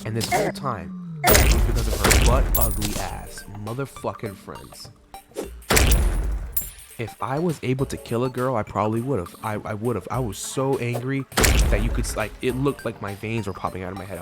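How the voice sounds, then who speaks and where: Young dude rambling a storytime while gaming, lotta likes and bros, kinda low voice, loud music behind. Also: male voice, moderate pace. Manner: rambling, filler-heavy, swears a lot. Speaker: gaming channel host. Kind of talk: casual storytime while playing a video game.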